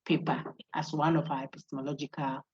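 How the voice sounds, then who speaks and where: Lady lecturer, low voice, lo-fi call audio, gets students to repeat after her. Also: little pitch movement, a little fast, darkish tone, husky. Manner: coaching, repeats names for students to echo. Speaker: philosophy lecturer. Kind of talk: online university lecture. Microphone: video call. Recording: dull lo-fi online call audio.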